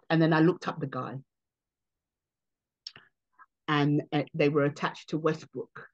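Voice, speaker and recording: Animated woman comedian telling stories. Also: moderate pace, long pauses, muffled recording. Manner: animated, acts out quotes with big pitch jumps. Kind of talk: interview storytelling.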